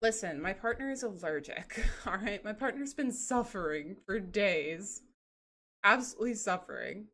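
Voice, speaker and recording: Chatty woman streamer, bright lively voice, bubbly and giggly. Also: mid-range voice, normal speed. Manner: bubbly, chatty, reads chat aloud, laughs often. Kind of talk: casual livestream chat.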